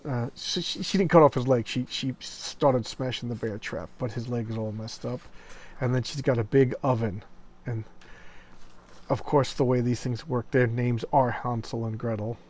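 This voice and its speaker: A comic book video host with a medium-pitched, darkish male voice casually reviews old horror comics. He retells the stories enthusiastically in a rambling, chatty way, acting out quoted lines in passing.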